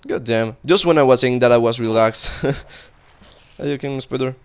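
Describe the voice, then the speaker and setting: A young man commentating his game casually, cursing a lot and yelling in panic when monsters show up. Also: medium pitch, brisk, clear, resonant tone. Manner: casual, swears often, cries out in panic at monsters. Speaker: gaming YouTuber. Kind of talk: Minecraft let's play commentary.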